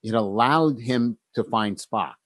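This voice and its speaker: A man muses his way through a casual conversation, pausing often with ums and laughing easily as he goes. His voice sits at an ordinary pitch for a man. It is recorded close and dry, with no room sound. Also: fairly bright tone, no echo. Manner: thoughtful, with many pauses and ums, laughs easily. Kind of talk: casual conversation about writing.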